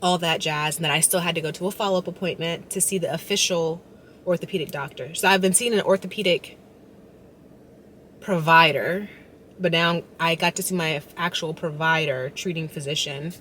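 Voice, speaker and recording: A woman's voice: deep voice, normal speed. A woman chatting casually to her vlog viewers while out in her car, talking to a phone camera. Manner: chatty, animated, frustrated storytelling. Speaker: vlogger. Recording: loud road and car noise. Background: car and traffic noise.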